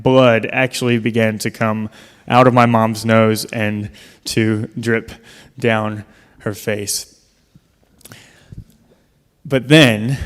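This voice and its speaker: A man's voice: mid-range voice, a bit bright, clear, resonant tone. A man giving a public talk in a large hall, telling a personal story in an earnest way with touches of dry humor. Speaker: speaker. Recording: long hall reverb.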